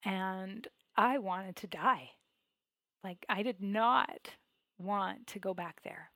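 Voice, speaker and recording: A woman guest telling a personal story candidly and emotionally, with many "like" and "you know" fillers and swings between hushed and loud passages. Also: medium pitch, slow, no room sound. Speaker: podcast guest.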